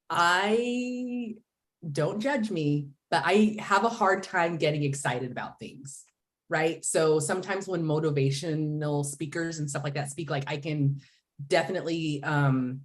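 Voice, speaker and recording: Woman agent, low voice, candid and chatty on a team call. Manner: candid, chatty, self-deprecating. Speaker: real estate agent. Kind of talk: casual video call update. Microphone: video call.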